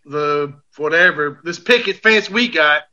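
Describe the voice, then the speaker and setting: A man in casual sports chat, profane and excitable, often shouting in frustration. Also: a little high, measured pace, muffled recording.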